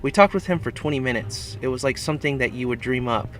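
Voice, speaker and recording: A man's voice: medium pitch, animated, fast talker. A man reading a scripted tribute narration in an earnest, reflective way. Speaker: video essay narrator. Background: music.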